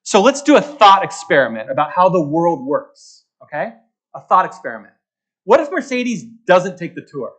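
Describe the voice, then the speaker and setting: A man's voice: high-pitched, big pitch swings, moderate pace, a bit bright. A man gives a luncheon talk as a market strategist, repeating his key points and checking in with the audience by asking "okay?". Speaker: guest speaker, market strategist.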